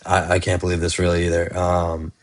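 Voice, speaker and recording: A man doing a casual, excitable fight breakdown for his channel, full of slang and fillers like "man" and "bro.". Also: sits low, fairly quick. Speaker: fight commentary YouTuber.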